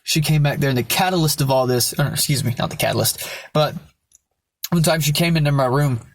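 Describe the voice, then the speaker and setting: A man's voice: on the high side, a little fast, no room sound. A young man telling his personal backstory in a candid vlog, blunt and rambling, with lots of swearing. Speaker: vlogger.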